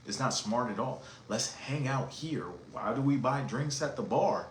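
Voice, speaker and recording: A man's voice: medium pitch, unhurried, slight background noise. Emphatic slangy man in an echoey room. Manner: emphatic, animated, slangy and preachy. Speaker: podcast host. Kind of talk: casual monologue on relationships. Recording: echoey room with faint ambience.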